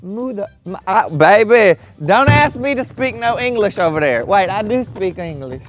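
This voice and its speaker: A man's voice: high-pitched, very animated, normal speed, faint music behind. A man doing farm chores, talking in a sassy, profane, theatrical way to his animals outdoors.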